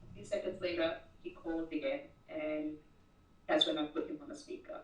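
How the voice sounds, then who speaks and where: A woman's voice: low-pitched, brisk. Woman telling a story, far from the mic. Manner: animated, repeats words when starting sentences. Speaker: interview guest. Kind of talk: casual storytelling interview. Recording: roomy echo, distant mic.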